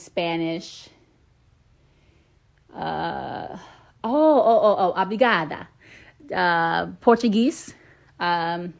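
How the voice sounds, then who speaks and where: A woman from Atlanta, Georgia, hosts a casual live stream, talking straight into her phone. Her voice sits a little low, and her tone stays chatty and playful, with plenty of filler ums between her thoughts. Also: creaky, a little mellow.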